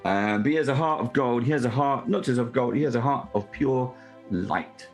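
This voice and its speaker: A man's voice: mid-range voice, fairly quick. A man playing a tabletop game, describing his character with earnest enthusiasm. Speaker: player. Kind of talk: casual tabletop chat. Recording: faint background music.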